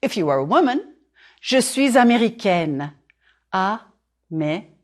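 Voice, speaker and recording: A woman teaches a language lesson, speaking clearly and deliberately. She slows right down on the words she wants repeated. Her voice moves up and down a lot as she explains. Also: fairly high pitch, big pitch swings. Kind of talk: instructional narration.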